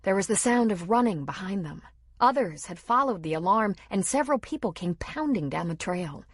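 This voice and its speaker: A woman narrating an audiobook in a steady, dramatic manner, read close to a studio mic. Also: mid-range voice, moderate pace, husky, no echo. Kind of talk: scripted narration.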